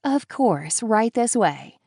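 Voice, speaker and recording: A woman's voice: fairly high pitch, big pitch swings, slow, no echo, clean studio sound, voice pushed up, exaggerated voice. A woman voicing a perky, friendly young restaurant hostess with a polite manner. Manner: bright, polite.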